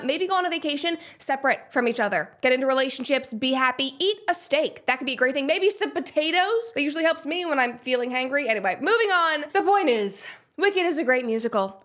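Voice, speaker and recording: A woman hosts a casual commentary show in a high, bright-sounding voice. She talks in a sarcastic, animated way and breaks into laughs between points. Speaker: show host. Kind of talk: casual pop-culture commentary.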